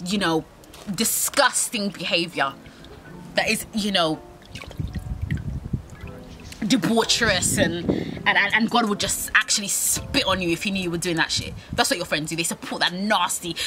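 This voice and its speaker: A young woman with a British accent telling a brash, profane, dramatic storytime on her vlog. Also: mid-range voice. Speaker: vlogger. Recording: music playing under the voice. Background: music.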